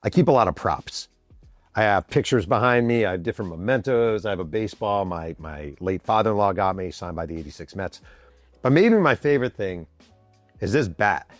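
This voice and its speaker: A man in his fifties with a lowish voice that swings widely as he spins a sports tale. He acts out every quote and curses casually. The sound is dry and close, with faint music behind him. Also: lively intonation, fairly quick, dry recording. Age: 50s. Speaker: podcast host. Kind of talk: animated sports storytelling. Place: home office.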